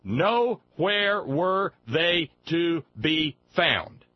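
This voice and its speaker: Lively, husky-voiced male radio host. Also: fairly high pitch, extremely slow, muffled recording. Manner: jokey, folksy asides. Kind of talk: call-in radio talk.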